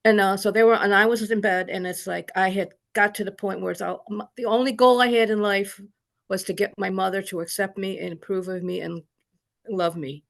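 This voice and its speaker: A woman's voice: mid-range voice, fairly even intonation, fairly quick, gravelly. A woman sharing a personal story in an online group, earnest and rambling, with many restarts. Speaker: study group participant. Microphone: video call.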